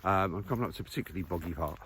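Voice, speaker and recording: A man's voice: low voice, very fast, a bit bright, a little hiss or hum. A man talking casually while walking outdoors, thinking aloud with lots of fillers and restarts. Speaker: vlogger. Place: outdoors on a muddy countryside walk.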